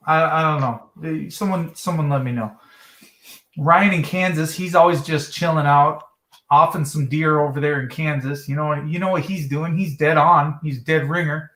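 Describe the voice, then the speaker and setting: A man's voice: a little high, fairly bright tone, echoey room. A man hosting a livestream from South Dakota, rambling and profane, repeating his words as he rants. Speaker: livestream host. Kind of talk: ranting livestream chat.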